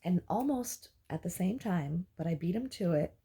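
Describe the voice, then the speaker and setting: A woman casually recounting a dream she had, rambling and halting with fillers and restarts, and livening up when she gets excited. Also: on the low side, slightly rough. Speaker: dream journaler.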